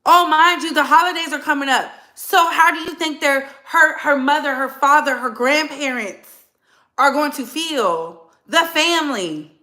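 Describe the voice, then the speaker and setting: Bright, pushed, and high-pitched, this woman's voice carries a heated monologue on her own commentary channel. She speaks bluntly and emphatically, leaning on repeated phrases for effect.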